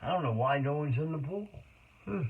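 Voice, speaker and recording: A middle-aged man recounts his life in a rambling autobiographical monologue that jumps between tangents. His voice is on the high side, expressive and quick, with a breathy edge, and the audio sounds tinny, like a phone.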